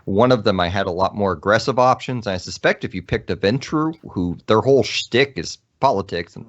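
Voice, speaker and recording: Lower-voiced man, podcast co-host, thoughtful explainer, muffled audio. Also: expressive, a little fast. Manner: thoughtful, hedging, explains with fillers. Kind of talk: casual podcast chat about games.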